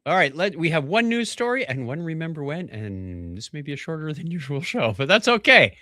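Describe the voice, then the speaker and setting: A man's voice: on the high side, very animated, brisk, sharp tone, dry recording, clean studio sound. An older man co-hosting a tech podcast in a casual, jokey way, reading out listener birthdays and news stories. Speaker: podcast co-host.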